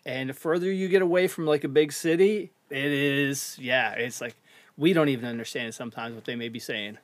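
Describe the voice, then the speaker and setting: A man's voice: medium pitch, steady tone, brisk, no echo. Upbeat man on a podcast. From Newfoundland, Canada. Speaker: podcast guest. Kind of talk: casual chat.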